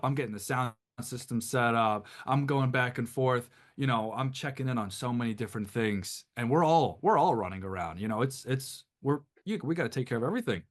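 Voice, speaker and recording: A man from Detroit, a band guest on a podcast, telling an anecdote casually in a rambling, animated way with lots of restarts. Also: medium pitch. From Detroit, USA.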